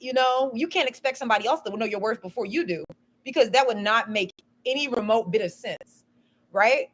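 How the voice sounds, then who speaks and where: Chatty woman with a higher voice. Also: lively intonation, fairly quick, slight background noise. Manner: rambling storytelling, frequent "you know" and "um". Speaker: vlogger on a live stream. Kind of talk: casual live-stream chat.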